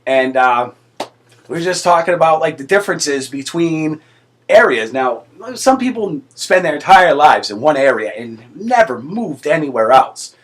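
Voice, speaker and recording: A man's voice: a little high, very animated, measured pace. A man co-hosting a casual chat show, talking loosely, joking, swearing and laughing often. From East Coast of the United States. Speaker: co-host.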